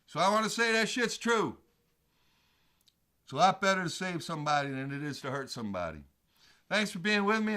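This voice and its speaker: Lively, bright-voiced man telling a story. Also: high-pitched. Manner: rambling, salty, swears freely. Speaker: show host. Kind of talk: casual personal storytelling to camera.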